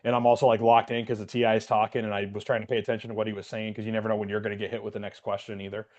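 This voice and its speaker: A man's voice: fairly low pitch, little pitch movement, racing, a little mellow, highs cut off. Rambling man telling a story. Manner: rambling, many fillers and restarts. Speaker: podcast co-host, Air Force veteran. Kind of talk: casual storytelling chat.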